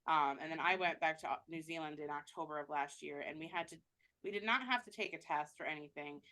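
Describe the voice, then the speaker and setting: A woman's voice: low-pitched, fast, pushed and bright. A woman travel agent answering interview questions in a chatty way, with many fillers and restarts.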